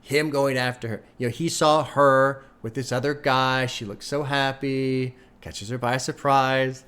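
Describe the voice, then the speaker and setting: A man's voice: mid-range voice, steady tone, measured pace, a bit bright, smooth. An older man hosting an album reaction, thinking aloud in a loose, conversational way and swearing casually. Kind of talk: casual music reaction commentary. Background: music playing faintly.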